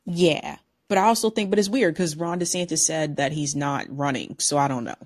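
A woman's voice: deep voice, moderate pace. A woman hosting a call-in podcast, chatting casually with many fillers. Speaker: host.

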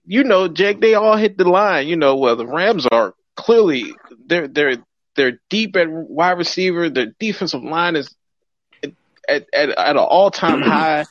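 A man hosting a call-in sports podcast in casual chat, slangy and animated, laughing often. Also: on the high side, dry recording. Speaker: podcast host. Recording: dry, dull lo-fi audio.

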